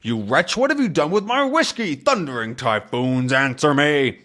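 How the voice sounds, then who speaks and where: A man's voice: fairly high pitch, lively intonation, normal speed, bright, forceful tone, voice pushed up. A man doing a blustering angry sea captain. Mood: furious. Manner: blustering, exclamatory.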